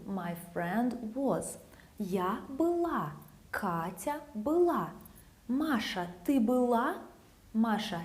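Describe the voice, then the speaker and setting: A woman's voice: fairly high pitch, a little mellow. A woman with a Russian accent teaching grammar, patiently repeating example phrases. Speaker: language teacher.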